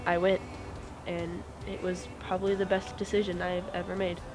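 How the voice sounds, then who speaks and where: A teenage girl giving an earnest, steady personal testimony as a student. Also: fairly low pitch, moderate pace, poor audio. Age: teens. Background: music.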